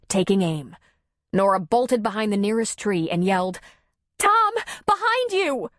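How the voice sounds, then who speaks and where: In a clean, dry studio recording, a woman with a fairly low voice reads a novel aloud as an audiobook. Her scripted narration is measured and even, told in a steady storytelling style.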